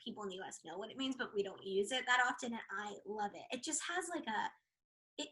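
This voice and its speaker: A woman's voice: medium pitch, expressive, a bit bright, low-quality recording. A young American woman in a casual interview, telling stories in a bubbly, rambling way with lots of "like" fillers. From United States. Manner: bubbly, fast-rambling storyteller with frequent laughs and filler likes. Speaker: actress, interview guest.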